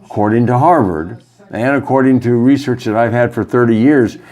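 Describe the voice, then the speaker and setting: A man giving a rambling spiritual talk as a yoga teacher, halting often and using many fillers. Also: medium pitch, darkish tone. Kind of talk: casual spiritual monologue.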